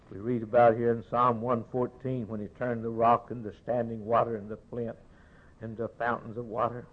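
A man preaching a sermon, rising to loud rhetorical questions and dropping low again. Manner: declamatory, swelling to raised rhetorical questions then dropping low. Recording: tinny phone-like sermon recording.

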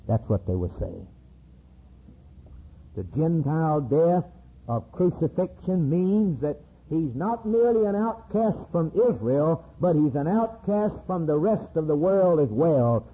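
A man's voice: fairly high pitch, husky. Tinny old sermon recording, emphatic male preacher. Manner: solemn, emphatic preaching with repeated phrases.

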